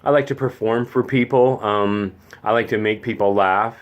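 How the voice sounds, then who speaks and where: A man's voice: medium pitch, normal speed, hardly any pauses. A middle-aged man hosting a casual vlog as a zany, theatrical talker, slightly congested. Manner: chatty, theatrical, self-mocking. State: slightly congested, clearing throat. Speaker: vlog host, infant room caregiver.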